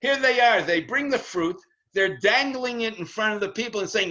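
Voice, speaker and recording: A man, a rabbi, teaching the weekly Torah portion in an online lesson, emphatic and acting out the quotes he reads. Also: normal speed. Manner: animated, emphatic, acts out quotes with rising pitch. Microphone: video call. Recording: dull lo-fi online audio.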